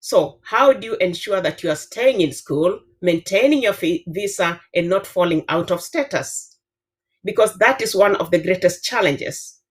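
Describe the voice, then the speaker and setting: A Kenyan woman in her fifties, a professor with a Kenyan accent, giving earnest advice on a panel with frequent filler pauses. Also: fairly low pitch, animated. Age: 50s. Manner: earnest, advising, many filler uhs. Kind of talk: panel discussion answer.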